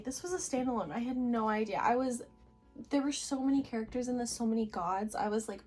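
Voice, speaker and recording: A young woman in her twenties talking excitedly to camera about books at home, gushing with lots of filler words. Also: a little high, brisk, faint music behind. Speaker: book vlogger. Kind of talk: casual reading vlog chat.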